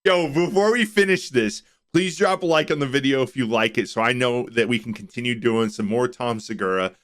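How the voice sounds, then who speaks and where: A man's voice: medium pitch, brisk, a bit bright. A man hosting a reaction video who laughs along and talks straight to his viewers in a laid-back way. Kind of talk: casual reaction commentary.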